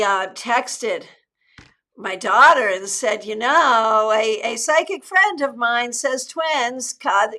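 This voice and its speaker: Middle-aged woman, live-stream tarot host; bright, forceful voice, chatty and cheerful, restarts sentences. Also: mid-range voice. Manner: chatty, upbeat, with frequent restarts. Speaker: tarot reader and channel host.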